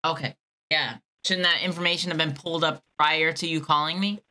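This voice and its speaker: A woman's voice: low voice, steady tone, a little fast, pushed and bright. A woman baiting a phone scammer, sarcastic and teasing while she plays dumb. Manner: sarcastic, teasing, mock-naive. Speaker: scam baiter. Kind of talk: prank call with a scammer.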